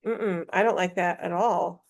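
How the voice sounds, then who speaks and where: A woman thinking aloud as she drafts a poem, muttering and trying lines out loud. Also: on the low side, fairly even intonation, unhurried, vocal fry. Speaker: writer and illustrator.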